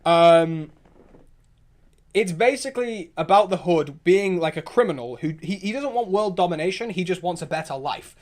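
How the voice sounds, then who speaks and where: In a relaxed livestream, an excitable streamer with a higher-pitched male voice responds to his chat. His speech rambles, with rapid restarts and strongly opinionated asides.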